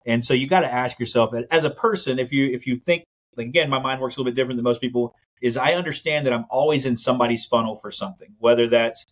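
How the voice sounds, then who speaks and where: Fast-talking man telling a story. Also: medium pitch, dull audio. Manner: fast, animated storytelling with acted-out quotes. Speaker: guest, land investor. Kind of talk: storytelling in a podcast interview.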